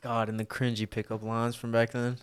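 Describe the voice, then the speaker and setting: A man's voice: mid-range voice, completely flat delivery, brisk, clean tone. A man chatting casually with friends about a movie, blunt and joking. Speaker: friend on a movie reaction show. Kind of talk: casual chat.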